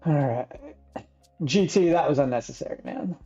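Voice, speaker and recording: A laid-back man from Texas talks in a gravelly, mellow voice, chatting casually on a live stream and clearing his throat now and then. The audio is a little dull and lo-fi, with faint music underneath. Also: a little high, normal speed. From Texas, United States. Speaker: stream regular and chat moderator.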